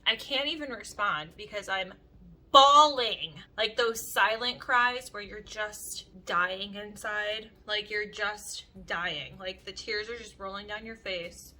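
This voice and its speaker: Bright-voiced young woman telling stories. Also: mid-range voice, measured pace, hardly any pauses. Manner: animated, chatty, heavy use of "like". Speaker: beauty vlogger. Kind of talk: casual storytelling chat to camera.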